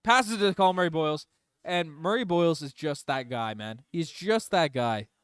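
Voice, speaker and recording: A young man doing partisan fan play-by-play for a livestream, rattling off plays and breaking into loud, emotional outbursts. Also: fairly high pitch, expressive, clear, resonant tone, dry recording, studio quality. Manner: partisan, swings between rapid calls and loud outbursts. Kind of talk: excited fan play-by-play commentary.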